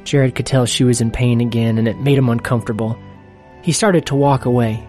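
An earnest storyteller reading a scripted story in a steady, even voice of middle pitch. Soft music plays faintly behind the reading. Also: moderate pace. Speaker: narrator.

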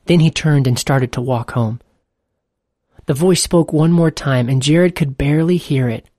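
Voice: medium pitch, unhurried, dark tone, no echo, studio quality. Earnest storybook narrator.

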